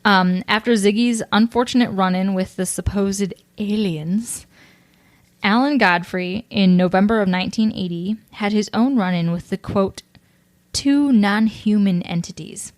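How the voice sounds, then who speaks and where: A woman's voice: mid-range voice, unhurried, dry recording. A young woman co-hosting a casual true-crime podcast, reading from her notes and laughing often, a little tipsy on whiskey. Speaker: podcast co-host presenting the case.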